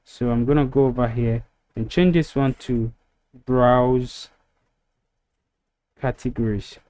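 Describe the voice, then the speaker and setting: A man walking through a website-building tutorial step by step, relaxed and filler-heavy, recorded on a desktop mic over a screen recording. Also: mid-range voice, slow, no echo. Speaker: web design tutor.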